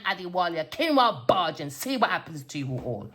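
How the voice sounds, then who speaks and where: A woman's voice: lowish voice, big pitch swings, normal speed, hardly any pauses. A woman who reads tarot, telling of a dream and preaching warnings in a spiritual vlog, swearing and raising her voice. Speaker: tarot reader.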